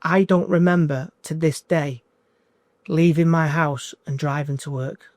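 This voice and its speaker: A man in his forties in an emotional interview as a coaching client, talking in halting bursts that repeat and restart. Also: a little high, fairly even intonation, a little mellow, no room sound, clean studio sound. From United Kingdom. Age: 40s.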